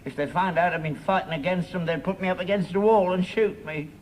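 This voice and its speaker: A man's voice: high-pitched, brisk, darkish tone, close to an everyday voice. An actor playing a grumpy old father. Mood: stubborn. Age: older. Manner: grumbling, stubborn and sour. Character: grumpy old working-class father, stubborn and cynical. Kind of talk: 1960s-70s TV sitcom acting. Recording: hissy archive TV recording with far audience laughter.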